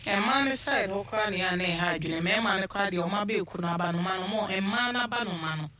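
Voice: medium pitch, quick pace, pushed and bright. A caller on a call-in radio show, explaining things steadily at length.

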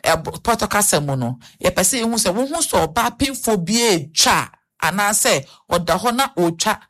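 A woman's voice: mid-range voice, expressive, normal speed, fairly bright tone. A woman with a Ghanaian accent giving health advice on the radio, earnest and repeating her warnings. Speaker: health talk guest.

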